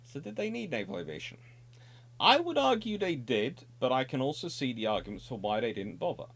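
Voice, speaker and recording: A middle-aged male history presenter talking through naval strategy without a script. His pitch sits in the ordinary male range but moves a great deal, and he pauses to correct himself and throw in dry, wry remarks. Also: sing-song, a bit bright. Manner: discursive, self-correcting, wry asides. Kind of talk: unscripted explanatory monologue.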